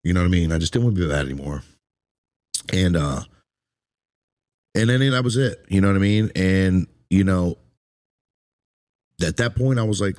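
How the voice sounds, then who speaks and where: A man hosting an interview, speaking emotionally and haltingly about his past, often repeating words. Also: low voice, darkish tone. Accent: Eastern Shore American. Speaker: podcast host.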